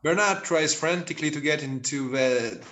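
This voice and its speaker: A man's voice: fairly high pitch, moderate pace, pushed and bright. A man reading stage directions aloud in a plain, amused manner in an amateur play reading.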